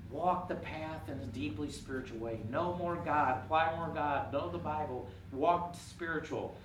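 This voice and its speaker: A man preaching a sermon, rising to emphatic peaks and dropping quiet and intimate. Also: fairly high pitch, moderate pace, noisy background. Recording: echoey room, from far off.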